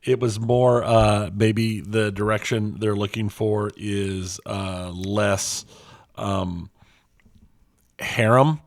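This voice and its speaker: A man's voice: lowish voice, fairly even intonation, very slow. A man co-hosting a gaming podcast in casual chat, hesitant and restarting his sentences. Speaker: podcast co-host.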